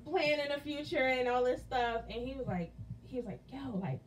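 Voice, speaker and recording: A woman's voice: high-pitched, brisk, distant mic, rough recording. A woman co-hosting a podcast, chatting casually with many "like" fillers and easy laughs. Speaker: podcast co-host. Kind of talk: casual chat.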